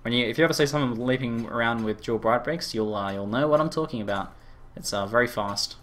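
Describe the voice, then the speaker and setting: A man with an Australian accent chatting casually with viewers during a live game stream, rambling with lots of fillers and quick laughs. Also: medium pitch, a bit bright. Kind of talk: casual live-stream chat while gaming.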